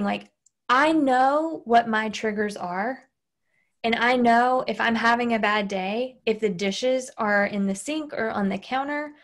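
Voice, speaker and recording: A woman hosting a podcast, talking casually and animatedly with her husband, swearing freely and acting out angry outbursts. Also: on the high side. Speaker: podcast host. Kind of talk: casual conversation.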